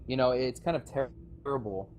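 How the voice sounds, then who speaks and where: A man who used to be on a game server's staff addresses its players through voice chat in a passionate, meandering speech about the community he left behind, full of false starts and nervous laughter. He speaks fairly quickly in a mid-range voice, with a little hiss or hum audible.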